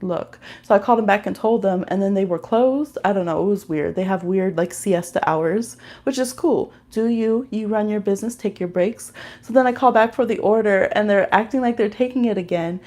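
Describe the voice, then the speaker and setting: A woman reading tarot on a casual livestream, soft and nurturing during the cards, then chatty and animated as she tells stories, laughing often and breaking into high squeals. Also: a little fast. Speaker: tarot reader.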